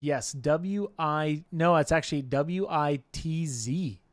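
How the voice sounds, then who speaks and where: A man hosting a casual livestream giveaway, calling out winners' names loudly and joking between them. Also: fairly high pitch, slow pace, no room sound, clean studio sound.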